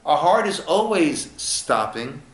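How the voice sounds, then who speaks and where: Slow-talking rabbi, roomy echo. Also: male voice, fairly high pitch, very animated. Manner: unhurried, acts out little dialogues. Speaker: rabbi teaching a class. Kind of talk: informal text study lesson. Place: echoey room at a lunch study group.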